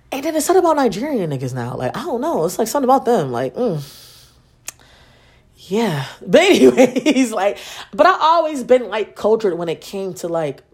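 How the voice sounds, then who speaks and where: A woman's voice: fairly low pitch, a little mellow, husky. A young adult woman hosting a podcast, telling stories in a casual, sarcastic, profane way and acting out the dialogue. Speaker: podcast host. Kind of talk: casual storytelling monologue.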